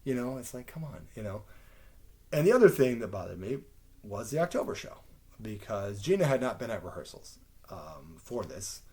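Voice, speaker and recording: A man's voice: lowish voice, moderate pace. A man, telling a story casually on a podcast, rambling and swearing, acting out the people he quotes. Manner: rambling, swears often, animated retelling with quoted voices. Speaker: podcast host.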